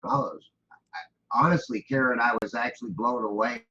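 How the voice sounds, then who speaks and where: A man's voice: mid-range voice, moderate pace, pushed and bright. A man telling a story in a casual, rambling way, often restarting his sentences and filling gaps with ums. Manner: rambling, with frequent restarts and fillers. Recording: dull lo-fi audio with faint noise.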